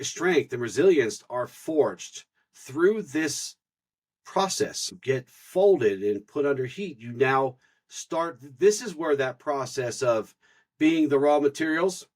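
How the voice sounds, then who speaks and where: A man's voice: on the high side, animated, slow pace. A man co-hosting a spiritual podcast, explaining stages of inner growth in an earnest teaching manner and sometimes repeating words as he thinks. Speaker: podcast co-host.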